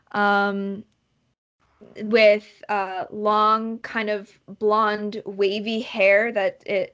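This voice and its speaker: A woman's voice: mid-range voice, fairly bright tone. A woman narrating a tabletop game as game master, rambling and hesitant with many ums.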